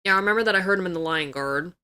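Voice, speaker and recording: A woman's voice: fairly low pitch, racing, sharp tone, clear, resonant tone. A young woman livestreamer chatting casually, swearing freely and reacting in disbelief as she reads things out. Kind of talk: casual chat.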